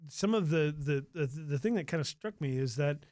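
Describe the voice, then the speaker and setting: A man hosting a radio talk show, chatting with a studio guest in a halting, filler-heavy way. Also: a little high, expressive, a little mellow, no echo. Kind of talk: casual radio interview. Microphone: studio microphone.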